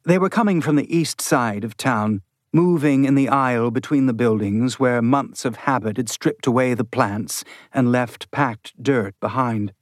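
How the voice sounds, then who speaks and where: A steady, measured male voice narrates an audiobook from a script, his pitch neither high nor low. The sound is close-miked and dry, free of room sound.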